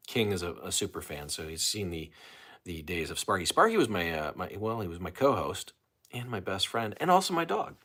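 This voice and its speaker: A man with a lowish, slightly bright voice hosts a casual livestream, reading the chat as he goes. His talk is loose and chatty, full of fillers, self-interruptions, and restarts.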